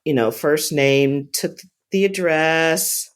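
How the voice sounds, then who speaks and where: Woman telling a story haltingly. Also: sits low. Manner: halting, repeats words and restarts often. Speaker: storyteller recounting a personal experience. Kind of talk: casual spoken story.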